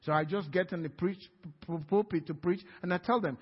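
Guy preaching in church, husky kinda high voice, long echo off the room. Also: fairly quick, hardly any pauses. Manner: storytelling, swings from quiet to loud. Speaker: guest preacher. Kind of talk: sermon. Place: church sanctuary. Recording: dull, reverberant church hall.

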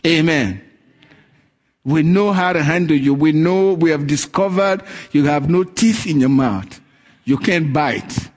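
A male pastor delivering a sermon in a somewhat high voice. He tells stories with energy and acts out the voices of the characters. His delivery is lively and direct, pitched to a congregation. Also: a little slow. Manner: animated storytelling, acting out quoted voices.

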